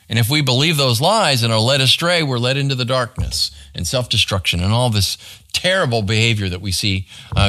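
A man's voice: mid-range voice, pushed and bright. A man, a pastor, teaching a Bible study to a small group in a church room in a conversational way, often checking in with "right?".

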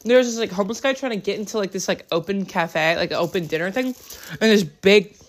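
Talking quickly in a medium-pitched voice, a woman from the United States fills her hotel-room travel vlog with casual chatter about her day. She rambles on, saying "like" over and over.

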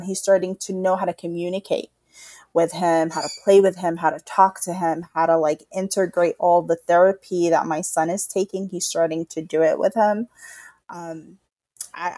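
A woman's voice: on the low side, warm tone, no room sound. A woman in her thirties, co-hosting a podcast, telling her story with feeling and acting out what others said to her. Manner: emotional storytelling, acts out other people's remarks. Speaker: podcast co-host. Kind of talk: candid personal conversation.

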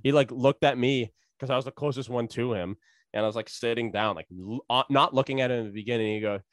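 A man's voice: medium pitch, fast, dry recording, studio quality. A man in casual chat, telling a story and acting out the people in it with a lot of swearing. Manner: animated, acts out quotes with raised voice, swears freely.

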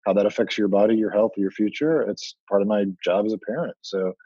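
A man's voice: on the low side, a little fast, breathy edge, no echo. A man, a startup founder, talking casually in an interview and acting out the dialogue in his stories. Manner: animated storytelling, acts out quoted dialogue. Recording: muffled dry podcast audio.

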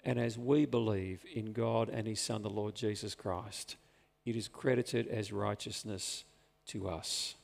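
A man preaching a sermon as pastor, earnest and slowing down to stress his points. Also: on the low side, steady tone, creaky. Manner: earnest, slows down for emphasis. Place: church. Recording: long reverb of a church hall.

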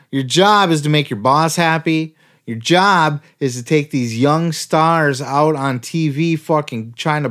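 Guy with a highish voice ranting on his podcast, sarcastic, swears nonstop. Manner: heated, sarcastic, swears constantly. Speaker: podcast host. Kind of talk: profane ranting podcast commentary.

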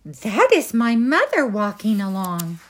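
A woman's voice: medium pitch, big pitch swings, measured pace. A woman voicing a curious little girl in a storybook, speaking eagerly.

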